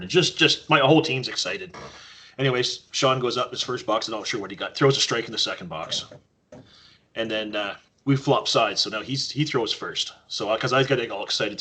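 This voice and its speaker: A man from Canada, a podcast guest, telling casual stories and acting out quoted lines. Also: lowish voice. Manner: animated storyteller acting out quotes. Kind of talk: casual storytelling.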